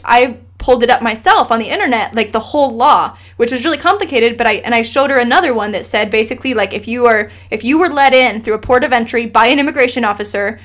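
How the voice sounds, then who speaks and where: A woman in her thirties, a guest telling a personal story in casual conversation, earnest and emotional, acting out what others said. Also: on the high side. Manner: animated, quotes others in lively asides.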